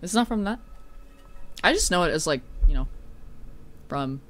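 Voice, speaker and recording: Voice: mid-range voice, animated, normal speed, fairly bright tone, soft background music. A streamer playing a horror game live, chatting and swearing, breaking into shrieks when startled.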